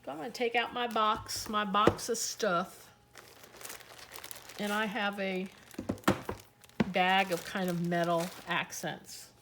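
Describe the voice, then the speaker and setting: A woman hosts a casual crafting tutorial at her craft table, talking through each step as she works. She speaks slowly and unhurriedly in an easygoing, chatty way, thinking aloud. A faint background noise sits under her voice. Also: mid-range voice, steady tone.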